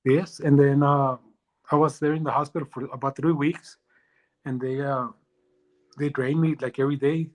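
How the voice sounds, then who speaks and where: Halting man telling his story. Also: mid-range voice, little pitch movement, a little mellow, low-quality recording. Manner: halting, many restarts and fillers. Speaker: interview guest. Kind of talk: live interview, personal story.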